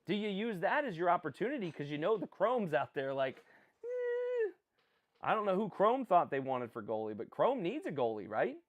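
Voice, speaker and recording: A man's voice: fairly high pitch, very animated, fairly quick, few pauses, phone-quality sound. A man hosting a casual live stream, rambling, making jokey asides and answering viewers as he reacts to picks. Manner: rambling, jokey, self-deprecating, chats with viewers. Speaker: livestream host.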